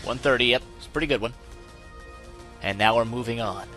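A young man hosting a gaming channel, giving excitable let's-play commentary and yelping when things go wrong. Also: medium pitch, a little fast, soft background music. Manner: excitable, yelps and laughs when in trouble.

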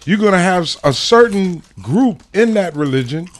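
Brief: male comedy host, blunt and profane, lively pitch, slightly high. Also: moderate pace. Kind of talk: casual comedic chat.

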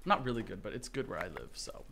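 A man's voice: fairly low pitch, big pitch swings, fast talker, pushed and bright, slight background noise. A man livestreaming a game, chatting with viewers and thanking them for support, swinging between muttering and shrieking. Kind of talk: casual gameplay livestream chat.

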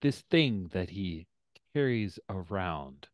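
A man running an online tabletop role-playing game as game master, animated and playful, with murmured asides. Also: low voice, slow, no echo, clean studio sound.

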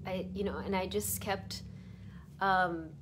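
A woman's voice: mid-range voice, steady tone, slow, noisy background. A middle-aged woman giving a meandering spiritual talk as a teacher, sometimes dropping into a near whisper. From Chicago area. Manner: soft, meandering, drops to a whisper at times.

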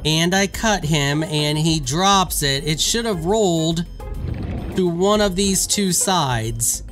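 High pitched gamer guy doing let's play commentary, gets worked up fast, faint music behind. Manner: excitable, quick to anger, rants at game creatures. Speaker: gaming YouTuber.

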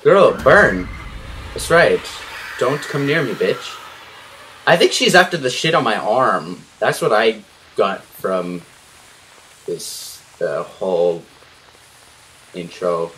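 A young man commentating a horror game as he plays, panicky and swearing, yelling at the enemies on screen. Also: fairly low pitch, lively intonation, slow, long pauses, slight background noise. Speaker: gaming YouTuber.

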